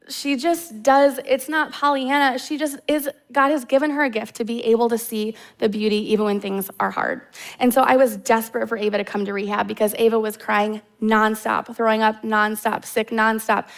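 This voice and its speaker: A woman in her thirties with a Midwestern American accent, telling a personal story in a sermon from a church stage, with casual fillers. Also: a little high. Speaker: guest preacher.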